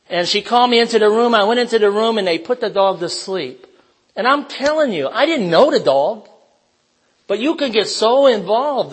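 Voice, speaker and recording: A man's voice: sits high, rough recording. A man preaching an informal sermon in a conversational way, asking the listeners questions and telling personal stories.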